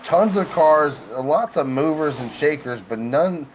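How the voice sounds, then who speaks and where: A man's voice: a little high, expressive, unhurried, a little hiss or hum. Wry male play-by-play commentator. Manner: joking, wry asides between play-by-play. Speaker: sim racing commentator. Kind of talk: live race commentary.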